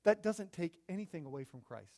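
A man preaching a sermon, emphatic, swinging from hushed lines to loud ones, with lots of rhetorical repetition. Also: high-pitched, expressive, a little fast.

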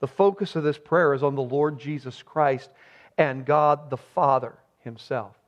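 A man's voice: mid-range voice, unhurried. A man preaching an expository sermon as pastor. He speaks emphatically and poses rhetorical questions to his listeners. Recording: dull lo-fi recording.

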